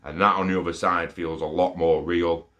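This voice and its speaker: A man's voice: low-pitched, normal speed. A young man telling a rambling personal story in a casual monologue, swearing often. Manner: profane, rambling and excitable. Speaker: storyteller sharing an experience.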